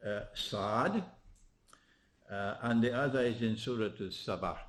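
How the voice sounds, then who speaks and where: A man giving a religious lecture, asking rhetorical questions, often tagging on "huh?" and chuckling at his own points, swinging between emphatic rises and low quiet stretches. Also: measured pace. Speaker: Islamic lecturer.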